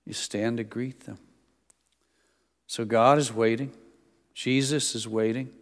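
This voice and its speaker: A man's voice: mid-range voice, fairly even intonation, takes it slowly. A middle-aged male pastor giving a sermon, with folksy stories in a conversational preaching manner. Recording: long reverb of a church hall.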